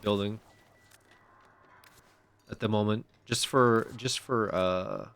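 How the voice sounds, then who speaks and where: A man's voice: fairly low pitch, steady tone, takes it slowly, vocal fry, a bit bright. A young man giving casual commentary while streaming a game, often exasperated and swearing.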